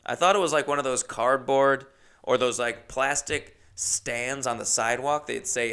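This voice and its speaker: A man hosting a podcast, telling a comedic story in a rambling, animated way and acting out the quotes. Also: mid-range voice, moderate pace, smooth. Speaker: podcast host.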